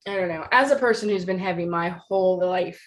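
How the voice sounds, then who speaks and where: A woman's voice: lowish voice, a little fast. Reflective woman with dry retorts. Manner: reflective, asks probing questions, dry retorts. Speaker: podcast co-host. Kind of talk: casual chat.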